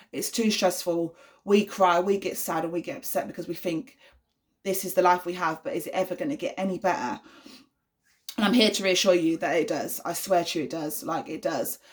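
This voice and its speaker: A young woman, talking casually to camera as a vlogging mother, earnest and reassuring with lots of fillers. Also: medium pitch. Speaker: vlogger, mother of an autistic son.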